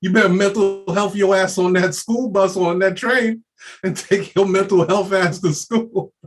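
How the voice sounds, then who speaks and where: A man's voice: high voice, fairly even intonation, normal speed, natural voice. A man imitating a stern, no-nonsense mother scolding her child in disbelief. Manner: scolding, incredulous.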